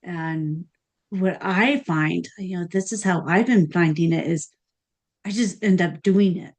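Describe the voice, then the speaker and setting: A woman hosting a podcast, talking in an earnest, thoughtful way and pausing often as she thinks aloud. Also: on the low side. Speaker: podcast host. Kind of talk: casual podcast conversation.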